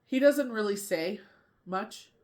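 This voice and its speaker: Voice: medium pitch, expressive, slow, darkish tone. A tarot reader and medium in a casual spiritual talk, rambling and often asking "you know what I mean".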